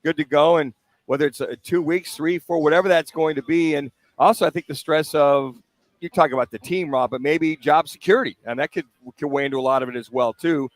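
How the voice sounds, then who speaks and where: A man's voice: fairly high pitch, a little fast, no room sound. A man co-hosting a live sports radio show, chiming in with eager, agreeable banter.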